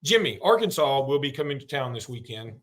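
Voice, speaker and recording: A man's voice: mid-range voice, very animated, a little fast, a bit bright. A man hosting a casual sports podcast, joking and rambling through stories. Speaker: podcast host.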